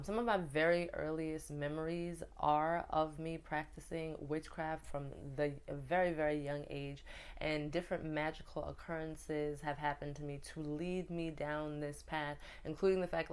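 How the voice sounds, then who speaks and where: Woman, low pitch, chatty storyteller, fillers, from new york. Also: smooth. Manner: chatty, animated retelling with many fillers. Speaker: vlogger. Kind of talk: casual storytime.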